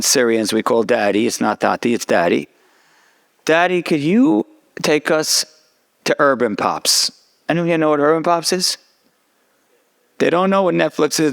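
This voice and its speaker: A man's voice: a little high, creaky. A middle-aged man, a rabbi, telling a personal story in a sermon and acting out the dialogue. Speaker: rabbi giving a talk.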